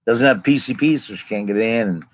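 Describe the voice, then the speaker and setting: A man's voice: lowish voice, brisk, fairly bright tone, low-quality recording. A man in his fifties casually telling a long personal story, rambling and digressing as he goes.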